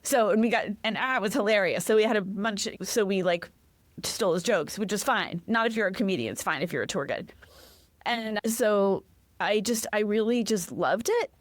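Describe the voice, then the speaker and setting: A middle-aged woman from Massachusetts talks as a podcast guest. Her delivery is animated and rambling, and she often breaks off mid-thought to start again. Her pitch sits in an ordinary middle range, and the recording is close and dry. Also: normal speed, no echo. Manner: animated, rambling, self-interrupting. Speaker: podcast guest, comedy founder. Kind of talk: casual interview chat.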